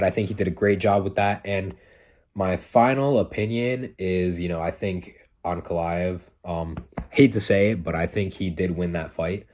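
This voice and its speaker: A man's voice: low voice, darkish tone. A man hosting his own channel, giving a casual spoken breakdown of a fight, talking in a conversational way and often repeating his points.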